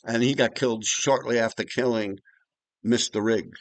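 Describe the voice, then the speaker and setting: This vlogger storyteller is a man in his 50s with a mid-range voice and fairly even intonation, speaking at an ordinary pace in a recording without room sound. He spins loose, foul-mouthed neighborhood tales full of false starts and side comments.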